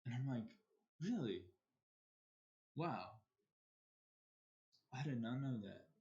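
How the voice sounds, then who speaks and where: Halting American man telling a story. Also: mid-range voice, warm tone, highs cut off. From United States. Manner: halting, repeats words and restarts often. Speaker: streamer. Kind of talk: casual storytelling while streaming.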